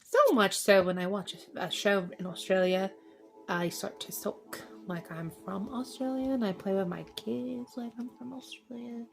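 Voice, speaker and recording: A woman's voice: mid-range voice, steady tone, moderate pace, gravelly, soft background music. A woman in her thirties doing a casual tarot reading, chatty and rambling, often laughing. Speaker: tarot reader.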